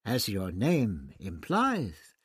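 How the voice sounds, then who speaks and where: A scheming high priest who sneers and drawls his words out dryly, as a man reading the story puts him on. The voice is husky and unhurried, recorded close and dry. It swings widely in pitch as he twists his words. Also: huge pitch swings, no echo, heavily acted. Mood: grandiose. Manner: sly, dry, drawn-out delivery. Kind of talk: audiobook character voice.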